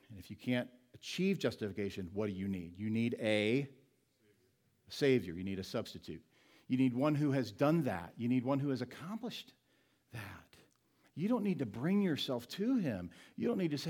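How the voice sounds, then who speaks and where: A male pastor preaching a sermon, asking the congregation questions and answering them himself, slowing down to stress single words. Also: mid-range voice, sing-song, a little mellow, slightly rough.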